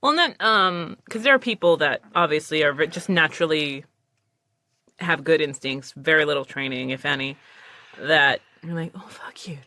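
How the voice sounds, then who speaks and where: A woman's voice: low-pitched, normal speed, bright, forceful tone, dry recording. A woman voice actor in casual podcast chat, telling stories animatedly, acting out quoted lines and swearing casually.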